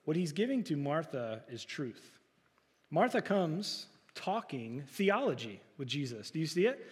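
A man's voice: fairly high pitch, sing-song, a little slow, big-room sound. A man preaching a sermon, talking to the congregation in a conversational way with rhetorical questions. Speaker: pastor.

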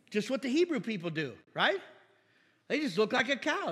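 A man preaches with a high, slightly husky voice. He jokes, fires off rhetorical questions and slips into mock voices. The sound carries the long echo of a church hall. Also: a little fast. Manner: animated, jokey, acts out mock voices and asks rhetorical questions. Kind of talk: sermon.

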